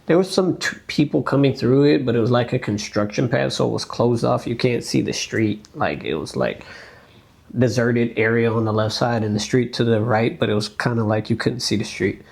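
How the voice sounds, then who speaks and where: A young American man, a dancer appearing as a podcast guest, tells a story in a casual, animated way, acting out quoted speech and using lots of fillers. His mid-range voice has vocal fry and moves at a moderate pace.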